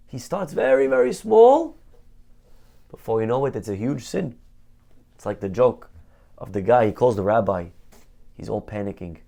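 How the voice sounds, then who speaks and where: Rabbi guy teaching, gravelly voice, lively storytelling w hebrew words. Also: mid-range voice, normal speed, pauses often. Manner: animated storytelling peppered with Hebrew terms. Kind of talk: Torah lesson sermon.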